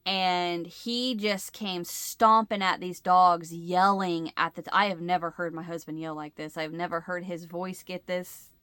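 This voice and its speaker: A woman's voice: lowish voice, fairly even intonation, a little slow, hardly any pauses, fairly bright tone, clean tone, dry recording. A middle-aged woman hosting a crochet channel, chatting casually to her viewers and telling a rambling story, often losing her words and restarting.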